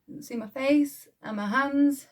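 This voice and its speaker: An actress playing a blunt, defiant young wartime munitions worker with a Yorkshire accent, who swears freely and talks with scorn. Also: female voice, high-pitched, moderate pace, a little mellow, lightly acted. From Yorkshire, England. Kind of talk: dramatic monologue.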